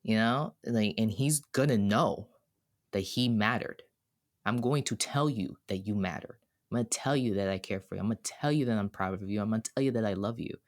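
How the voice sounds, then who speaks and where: Earnest low-voiced podcast man. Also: brisk. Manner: earnest and heartfelt, speaks in bursts with restarts. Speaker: podcast co-host. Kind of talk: casual reflective podcast talk.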